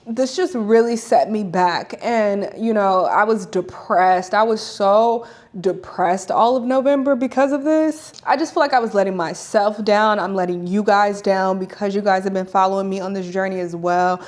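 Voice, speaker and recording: A woman's voice: medium pitch, measured pace. A woman talking candidly and emotionally in a casual home vlog, chatty and full of "like"s. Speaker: vlogger. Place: at home in an apartment.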